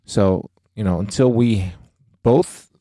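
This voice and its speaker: Middle-aged male podcast co-host, low voice, dry close sound; earnest, emphatic talk about faith. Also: takes it slowly, mellow, no room sound. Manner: earnest, emphatic, declaring beliefs.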